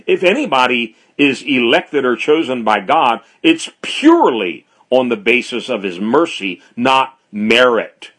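Male preacher, measured unhurried delivery, repeats key phrases for emphasis. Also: mid-range voice, a bit bright. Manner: slow, deliberate preaching with emphatic repetition. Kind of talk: expository sermon.

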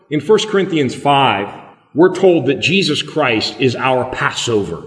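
A man preaching a sermon as a pastor, emphatic and slowing down on key words. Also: a little high, fairly bright tone. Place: church hall. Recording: echoey hall with long reverb.

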